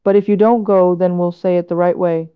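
A woman reading the part of a wise old male monk who gives calm, gentle instruction. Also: fairly low pitch, fairly quick, clear, resonant tone, dry recording, natural voice. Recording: dull lo-fi recording.

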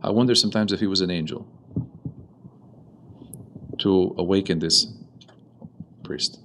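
A man who is an Orthodox priest, giving a sermon with lively storytelling and quoted dialogue. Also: low voice, unhurried, slight background noise, low-quality recording.

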